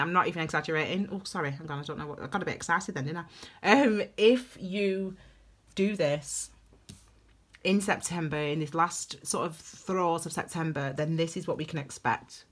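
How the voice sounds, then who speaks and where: A woman's voice: fairly low pitch, normal speed. A woman giving a chatty, gushing tarot reading to her viewers, calling them her darlings. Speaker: tarot reader. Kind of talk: casual tarot reading to camera.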